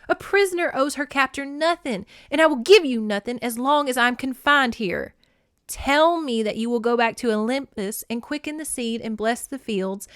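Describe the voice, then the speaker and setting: A woman reading as a young goddess, firm and pleading at once, asking to be seen as grown. The voice sits a little high and steady, recorded close and dry. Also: dry recording, close to an everyday voice.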